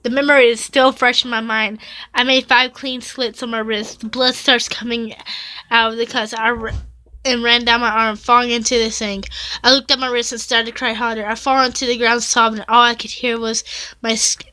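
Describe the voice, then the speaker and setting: A woman's voice: fairly high pitch, little pitch movement, moderate pace, sharp tone, dry recording. A woman YouTuber reading fan fiction aloud, stumbling over and correcting the words and breaking off to react with dramatic exclamations. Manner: stumbles and corrects herself often.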